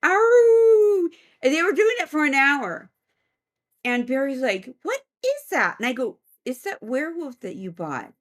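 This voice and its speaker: A middle-aged woman, a psychic medium, telling a story in a casual interview as an animated storyteller who laughs often. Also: high-pitched, normal speed.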